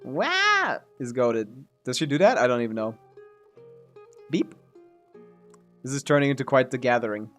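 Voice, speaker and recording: A man's voice: mid-range voice, moderate pace, long pauses, faint music behind. A man streaming a video game, commenting casually in a rambling, joking way and laughing often.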